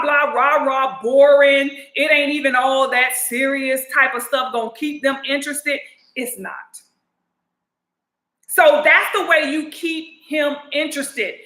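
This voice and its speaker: A woman's voice: high-pitched, sharp tone. A woman giving relationship advice in a casual monologue, talking emphatically and directly and often asking "you know what I'm saying?". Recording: roomy echo.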